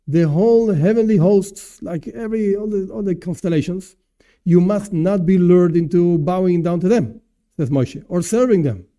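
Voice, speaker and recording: Male Torah teacher, high voice with a mellow, dark tone, casual lecture pacing. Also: moderate pace. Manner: animated, explanatory, asks and answers himself. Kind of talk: informal religious lesson.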